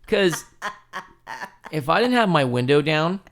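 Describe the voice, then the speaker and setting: Animated profane man telling a story. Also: fairly high pitch, measured pace, background noise. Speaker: podcast host. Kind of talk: casual storytelling.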